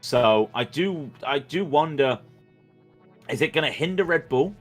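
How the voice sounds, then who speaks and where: A man's voice: fairly high pitch, expressive, measured pace, a bit bright, soft background music. A man commentating on a sim race in casual chat, rambling and joking with plenty of stammered restarts.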